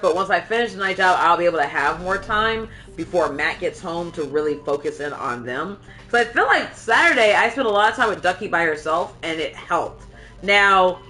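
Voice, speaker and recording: A woman streamer with a lowish, pushed, bright voice rambles chattily while she plays, swearing casually now and then. It's casual gameplay talk, and the audio quality is poor.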